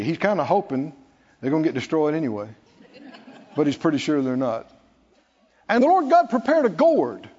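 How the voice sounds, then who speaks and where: Animated high-voiced man preaching in a reverberant hall. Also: lo-fi sound. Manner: animated, acts out Bible figures with laughter. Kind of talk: sermon.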